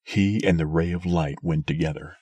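A man narrating a story aloud in a steady, measured way. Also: low voice, slightly rough, dry recording. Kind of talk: scripted audiobook narration.

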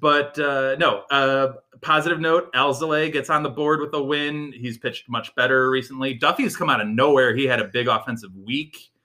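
Bright-voiced chatty sports podcast man. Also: mid-range voice, moderate pace, few pauses. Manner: chatty, animated, laughs often. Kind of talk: casual sports chat.

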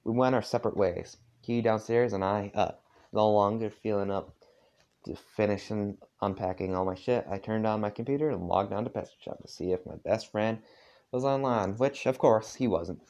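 Man, casual fanfic read-aloud, lowish voice, rambling, filler-heavy asides. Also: moderate pace, darkish tone, dull audio. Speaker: fanfic reader.

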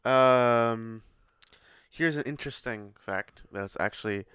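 A man's voice: medium pitch, slow, a bit bright, clean tone, no room sound. A man co-hosting a casual podcast chat with his son, teasing him and laughing often. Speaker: podcast co-host.

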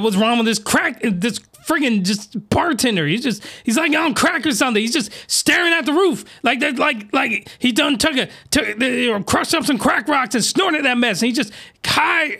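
A man hosting a comedy podcast, talking in an animated, incredulous, slangy way. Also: very high voice, moderate pace. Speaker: podcast host.

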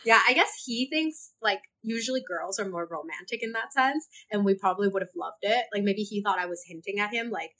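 A young woman from Hong Kong, a podcast guest telling a story in a lively, casual way and laughing often. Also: medium pitch, fairly quick, few pauses. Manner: animated, laughs often, acts out her own thoughts.

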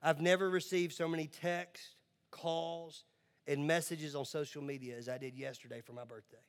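A man's voice: on the high side, steady tone, normal speed. Preacher guy in his 40s, storytelling then getting fired up, lots of reverb. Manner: builds from quiet storytelling to loud, impassioned exhortation. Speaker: pastor. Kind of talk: sermon storytelling.

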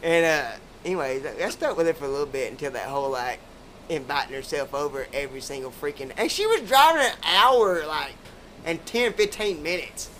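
Guy hosting a podcast, loose and profane, kinda high sharp voice. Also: animated, brisk, a little hiss or hum. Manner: profane, rambling, laid-back drawl. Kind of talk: casual storytelling chat.

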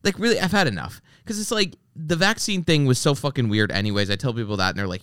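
Lively, bright-voiced male podcast host. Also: a little high, quick pace, hardly any pauses, clear, resonant tone, no echo, clean studio sound. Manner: animated storytelling, acting out quoted people; swears freely. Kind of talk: casual chat.

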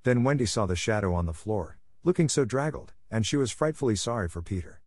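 A man reads a classic children's story aloud in a measured, even way. His voice sits on the low side, and the recording is dry and close, with no room sound. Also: no room sound. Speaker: narrator. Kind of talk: scripted storybook narration.

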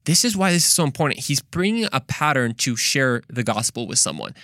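Male podcast host, mid-pitched, dry close mic, earnest and preachy with a joking streak. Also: very animated, brisk, sharp tone, no room sound. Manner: earnest, conversational, preachy with playful asides. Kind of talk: faith podcast monologue.

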